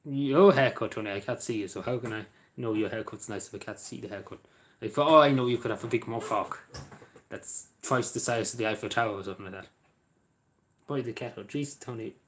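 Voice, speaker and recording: Casually chatting with viewers during a live stream, an Irish man speaks in a lowish voice with a slightly bright quality. His speech halts and drifts, heavy on fillers, and he often says sorry.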